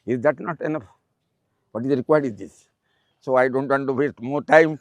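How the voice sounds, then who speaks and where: Speaking at a medium pitch with no room sound, this eighty-something man from Odisha, India carries an Odia accent. Once a principal, now retired, he gives students a repetitive, fatherly pep talk, often stopping to say "um."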